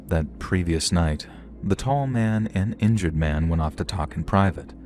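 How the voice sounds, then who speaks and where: Male horror narrator, deep low voice, steady scripted storytelling.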